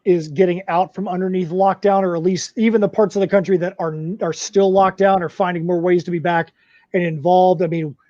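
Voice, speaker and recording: High, mellow-voiced co-host asking questions. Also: male voice, fairly even intonation, fairly quick, dry recording, highs cut off. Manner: asks long rambling questions. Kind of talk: casual chat.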